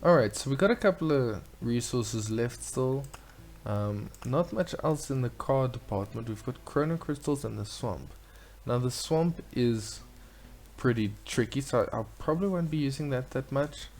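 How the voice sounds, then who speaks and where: A man's voice: medium pitch, lively intonation, moderate pace, a little mellow. A man hosting a let's play, chatting casually and reading game dialogue aloud in a playful way. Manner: chatty, playful, reads lines in silly voices.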